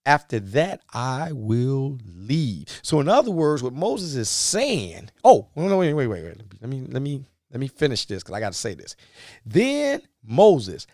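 Male preacher, animated sermon, wide-ranging pitch. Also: normal speed, dry recording, studio quality. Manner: animated, folksy, acts out biblical dialogue.

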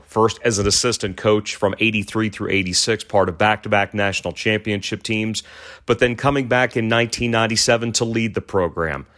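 Sports host, slightly low voice, steady scripted narration. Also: male voice.

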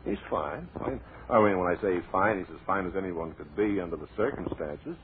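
A man hosting a comedy radio show in a deadpan, rambling, mock-serious way, heard on a tinny old radio recording with light hiss. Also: deep voice, brisk. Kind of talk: deadpan comic radio patter.

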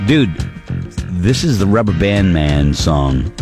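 A man's voice: low-pitched, big pitch swings, slow, over music. A man hosting a radio show in casual banter, rambling and joking, often trailing off and restarting.

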